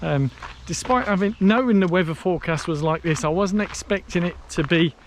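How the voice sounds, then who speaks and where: Man, walking vlog, slightly high voice, chatty, self-mocking, tired, outdoors, faint background noise. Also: brisk. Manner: chatty, self-mocking, thinks aloud with fillers. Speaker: vlogger on a long charity walk. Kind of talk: casual walking vlog, talking to camera. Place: outdoors on a canal towpath in hot sun.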